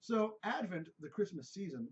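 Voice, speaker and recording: A man's voice: high voice, very animated, normal speed. A man hosting a podcast in casual chat, joking, swearing, and drifting off topic. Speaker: podcast host. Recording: dull lo-fi podcast audio.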